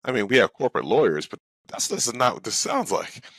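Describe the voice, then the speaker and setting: A man at a tabletop game makes wry, joking asides in a mid-pitched voice. The sound is dry, with no room echo. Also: big pitch swings, fast talker, a bit bright, husky. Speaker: player. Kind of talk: casual chat at a gaming table.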